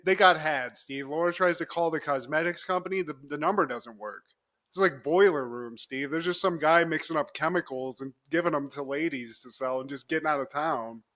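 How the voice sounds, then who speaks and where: High bright-voiced man retelling a sitcom. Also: brisk. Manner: animated storyteller, acts out lines, laughs often. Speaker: podcast co-host. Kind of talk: casual chat recapping a TV episode.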